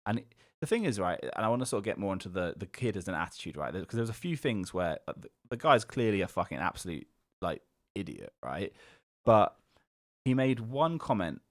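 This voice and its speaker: A man co-hosting a casual podcast, rambling through an animated retelling full of fillers and swearing. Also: on the low side, fairly quick, no room sound, clean studio sound. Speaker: podcast co-host. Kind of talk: casual chat.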